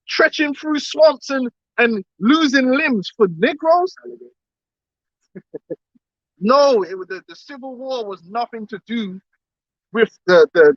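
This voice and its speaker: A man's voice: high voice, fairly bright tone, no room sound. A man giving an impassioned lecture to a group. He talks emphatically, repeats words and keeps firing off rhetorical questions. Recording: dull, dry recording.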